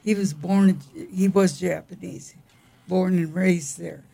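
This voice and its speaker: An older woman co-hosting a casual chat about the week's feast days, with a gravelly voice and frequent throat clearing, speaking in a wry, halting way. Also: on the low side, steady tone, dark tone. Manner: unhurried, wry, halting reading. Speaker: co-host.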